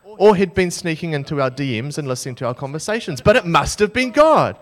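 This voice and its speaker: A young man from New Zealand preaching a sermon as a lively, self-mocking story. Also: on the high side, fairly quick.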